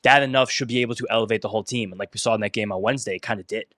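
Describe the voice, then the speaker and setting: A young man, co-hosting a podcast and talking fast through baseball stats. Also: lowish voice, sharp tone, dry recording, clean studio sound. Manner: fast, analytical, stat-heavy. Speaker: podcast co-host. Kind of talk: casual sports talk.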